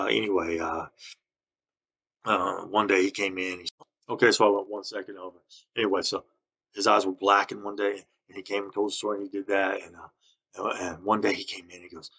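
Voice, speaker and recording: A man recording a rambling, halting monologue full of accusations and restarts. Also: on the low side, sharp tone, slightly rough. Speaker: vlogger.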